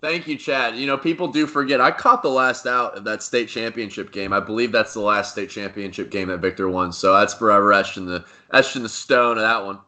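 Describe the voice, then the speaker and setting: A young man co-hosting a casual sports podcast, talking excitably and rambling through restarts. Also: lowish voice, brisk, hardly any pauses. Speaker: podcast co-host.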